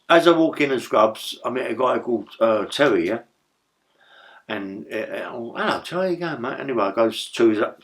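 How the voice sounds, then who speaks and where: A middle-aged man telling stories in a rambling, profane way, full of stammered restarts. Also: on the low side. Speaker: interview guest, former prisoner. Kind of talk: casual storytelling.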